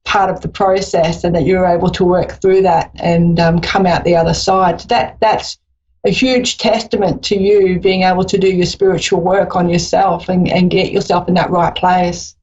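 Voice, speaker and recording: A woman's voice: fairly low pitch, flat delivery, normal speed, a little mellow, highs cut off. A woman with an Australian accent hosting a live psychic call-in radio show, talking in an encouraging, rambling way with many fillers.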